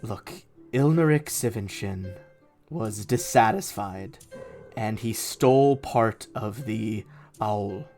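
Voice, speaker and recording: Weary old male ghost, slow and subdued, voiced by a game master. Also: lowish voice, a little mellow, faint music behind, voice pushed down.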